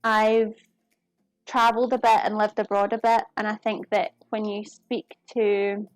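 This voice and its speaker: Unhurried and flat in delivery, a British woman with a mid-range voice chats with viewers during a cooking live stream in her home kitchen. She giggles as she works, the sound close and dry with no room sound and soft music behind.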